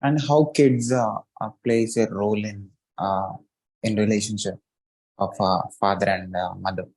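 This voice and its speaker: A man interviewing, asking halting questions with many pauses and fillers. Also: lowish voice, steady tone, darkish tone, rough recording.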